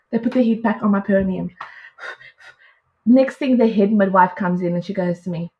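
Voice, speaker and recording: A young woman casually telling her own birth story, animated and laughing as she acts out what she said back then. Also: mid-range voice, moderate pace, pauses often. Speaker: podcast guest. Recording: dull lo-fi audio.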